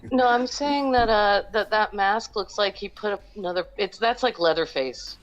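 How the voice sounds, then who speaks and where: A woman chatting as a guest on a casual livestream video call, expressive and quick to blurt out reactions. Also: mid-range voice, lo-fi sound, a crowd in the background.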